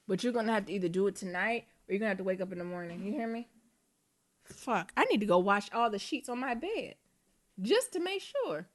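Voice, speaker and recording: A woman's voice: medium pitch, poor audio. A woman co-hosting a podcast at home, shrieking and swearing in panic during casual chat. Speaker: podcast co-host.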